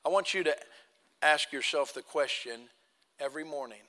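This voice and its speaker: A male pastor preaching a sermon, telling a story and acting out the voices in it, swinging between loud and hushed. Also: a little high, normal speed. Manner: acts out quoted dialogue, swings from loud to hushed. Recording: long hall reverb.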